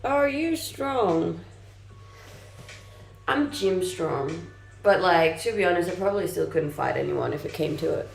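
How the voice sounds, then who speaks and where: A young woman chats on a live stream, answering comments as she reads them out with relaxed, easy laughter. Her voice has a gravelly fry. The sound is roomy, with faint music underneath. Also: fairly low pitch, a little slow, long pauses. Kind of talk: casual live-stream chat.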